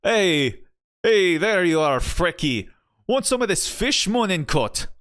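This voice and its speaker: A man's voice: sits high, big pitch swings, takes it slowly, a bit bright, pitched above the performer's own voice, heavily acted. A man voicing a cocky young male Celtic warrior hero in an exaggerated Irish accent that drifts into Scottish, with a bouncy, swaggering delivery. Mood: friendly. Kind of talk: reading game dialogue in voices.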